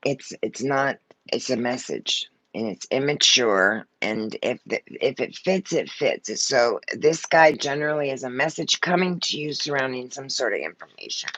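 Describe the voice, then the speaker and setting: A woman's voice: very deep voice, animated, normal speed, fairly bright tone, no echo, low-quality recording. A woman giving a live-stream tarot reading, blunt and emotional, swearing freely and short of breath. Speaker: tarot card reader.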